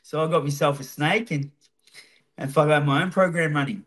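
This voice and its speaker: Australian man, podcast guest, loose swearing storyteller, slightly raised pitch. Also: brisk, fairly bright tone. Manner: swears freely, laid-back. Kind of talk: casual storytelling.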